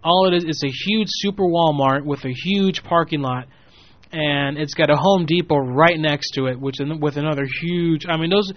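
Young dude rambling thru a crude story, swears a lot, slightly high voice, dry muffled sound. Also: male voice, dry recording. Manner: rambling, profane, animated quoting of people. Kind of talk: casual storytelling. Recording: muffled lo-fi audio.

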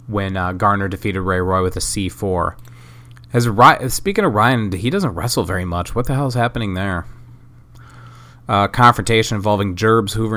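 On his casual solo podcast, a man narrates a wrestling sim game in a loose style full of fillers, swearing and self-mocking asides. His voice sits on the low side with a bit of brightness.

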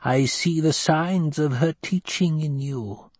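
A man voicing a stern old woman who leads a secretive sisterhood, speaking in a slow, measured, commanding way with a husky tone. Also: on the high side, dry recording, voice pushed up. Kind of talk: audiobook character voice.

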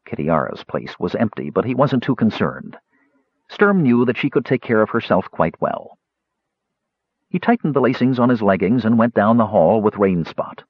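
A man narrates a fantasy audiobook in a low, slightly husky voice with a lively, expressive pitch range. He reads scripted prose and shifts into character voices for the dialogue. The recording is dry and dull, like lo-fi. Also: normal speed, no echo. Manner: expressive, voicing characters in quotes.

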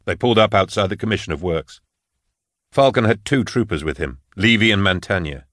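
A man narrating an audiobook in a steady storytelling manner. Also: on the low side, a little fast, no echo, clean studio sound.

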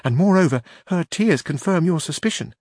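An earnest head carver agrees with emphatic conviction, as a male reader puts him on. His voice sits higher than the reader's own, and the sound is close and dry. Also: animated, normal speed, darkish tone, no room sound.

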